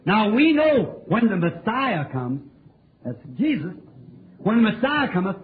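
A man's voice: sits high, sing-song, unhurried. A man preaching a revival sermon in a church, fervent and sing-song, calling for answers from the crowd. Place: church tabernacle. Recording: tinny lo-fi old tape with hiss.

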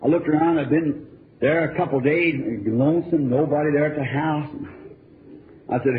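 A man's voice: fairly high pitch, a little fast. A man preaching, telling a personal story in an earnest, rambling, folksy way. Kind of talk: storytelling sermon. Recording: tinny lo-fi archive tape with faint hiss.

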